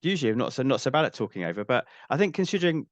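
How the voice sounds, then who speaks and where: A man discussing a film casually as a podcast host, measured and thoughtful in his phrasing. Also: mid-range voice, very animated, no room sound.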